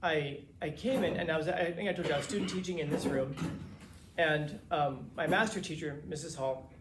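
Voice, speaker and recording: Man, teacher from Los Angeles, casual animated storytelling, slightly high voice, roomy classroom sound. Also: background noise. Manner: casual, animated retelling with quoted dialogue. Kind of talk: storytelling to students.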